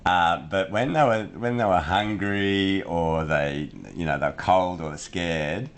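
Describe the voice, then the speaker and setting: A man's voice: low-pitched, measured pace, slight background noise. A man co-hosting a podcast, explaining ideas in casual chat with everyday examples and frequent restarts. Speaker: podcast co-host.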